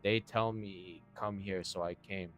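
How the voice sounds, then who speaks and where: A man voicing an eerie ballerina woman who speaks slowly in terse broken English. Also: low-pitched, fairly even intonation, a bit bright, faint music behind.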